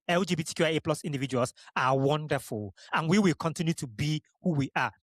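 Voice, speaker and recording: A man's voice: fairly high pitch, dry recording, clean studio sound. A young adult man from Nigeria, hosting a podcast. He talks straight to the listener in a passionate, blunt solo monologue and swears often. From Igbo region of Nigeria. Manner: emphatic, blunt, frequent swearing, direct address. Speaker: podcast host.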